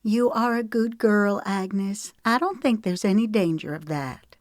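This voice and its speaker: A woman's voice: medium pitch, unhurried, no room sound, clean studio sound, pitched above the performer's own voice, lightly acted. Motherly young storybook lady, read by a woman, firm but kind. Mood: gentle. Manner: stern then soft, motherly. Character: gentle but firm young Southern lady caring for children.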